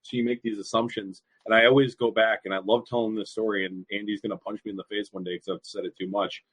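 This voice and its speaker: A man in a casual podcast chat, relaxed as he tells an anecdote. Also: fairly low pitch, fast, slightly rough, dry recording, poor audio.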